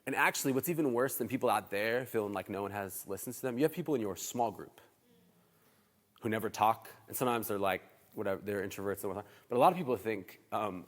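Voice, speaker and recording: A man preaching as a pastor, telling stories in a chatty, animated way and acting out the dialogue. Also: lowish voice, fast, in a large hall. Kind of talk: sermon storytelling. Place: church hall.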